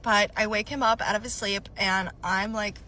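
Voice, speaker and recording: A young woman casually recounting a personal story for a storytime vlog, animated and chatty with many filler "likes". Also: medium pitch, normal speed, slight background noise, low-quality recording.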